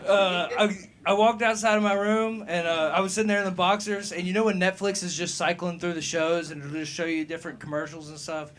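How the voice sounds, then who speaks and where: A young man doing a profane, rambling stand-up set at an open mic, laughing at his own jokes. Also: high voice. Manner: gets loud and heated answering a heckler. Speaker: stand-up comedian. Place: comedy club open mic.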